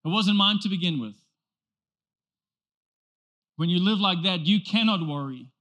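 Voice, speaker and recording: A male pastor delivering a sermon with a high voice that sounds bright and forceful. He preaches emphatically and builds his points through rhetorical questions and repeated phrases. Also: expressive, unhurried.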